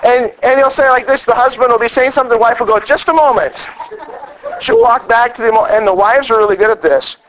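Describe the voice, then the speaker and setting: High-voiced animated male preacher. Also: fast talker, hardly any pauses, poor audio. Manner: animated storytelling, acts out quoted lines. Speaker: pastor. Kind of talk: sermon.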